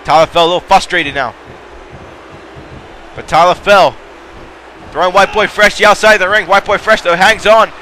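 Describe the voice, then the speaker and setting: A man giving excitable play-by-play commentary on a wrestling match, calling out moves, shouting at the big spots and drifting into rambling asides to the audience. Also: high voice, moderate pace, long pauses, slight background noise.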